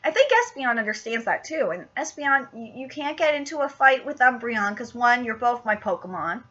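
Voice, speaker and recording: A woman in her twenties hosting a live manga reaction vlog, gushing and excitable and swearing freely. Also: fairly high pitch, normal speed. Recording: dull lo-fi recording.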